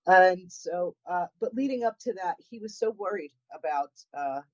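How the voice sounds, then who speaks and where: A woman's voice: on the low side, expressive, normal speed. A woman with a New England accent, a guest paranormal investigator chatting casually and rambling, often repeating words and restarting. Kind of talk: casual chat. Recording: dull lo-fi audio.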